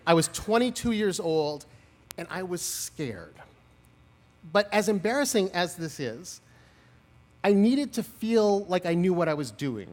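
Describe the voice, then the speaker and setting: Man in his forties, commencement speaker, high voice, swooping animated delivery, humorous self-mocking stories, long reverb from the outdoor PA. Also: a little slow. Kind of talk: graduation speech. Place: outdoor lawn ceremony.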